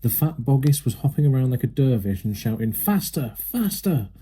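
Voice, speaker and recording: A man narrating a children's storybook aloud with a steady, lively manner. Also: medium pitch, fast talker, breathy edge. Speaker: reader.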